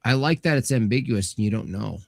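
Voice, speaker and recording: A man co-hosting a livestream, telling stories in animated, giggly casual chat. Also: lowish voice, a little fast, gravelly, no echo.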